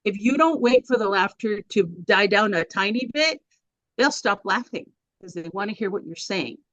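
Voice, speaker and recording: A woman's voice: mid-range voice, expressive, moderate pace, a bit bright, no room sound. An older woman presenting a speaking workshop, talking in an informal, chatty way with fillers and restarts. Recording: dry, slightly dull recording.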